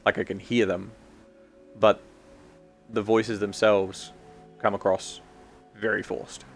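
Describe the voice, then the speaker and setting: An Australian man talks loosely on a game stream, drifting off topic and circling back with plenty of ums and false starts. His voice sits fairly low, and faint music plays quietly behind him. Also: little pitch movement, creaky. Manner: rambling, halting, many ums and restarts. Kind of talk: casual live-stream chat while gaming.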